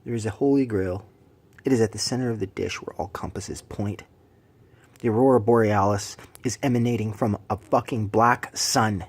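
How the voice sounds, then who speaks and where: A man's voice: normal speed, slightly rough. Angry, profane man ranting. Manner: swings between shouted bursts and low hushed lines. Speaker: vlogger. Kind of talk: angry rant to camera.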